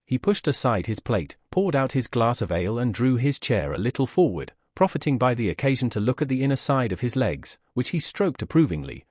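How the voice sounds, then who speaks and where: A man reading a classic novel aloud as an audiobook narrator, in a measured, expressive way. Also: mid-range voice, no echo, clean studio sound. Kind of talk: scripted narration.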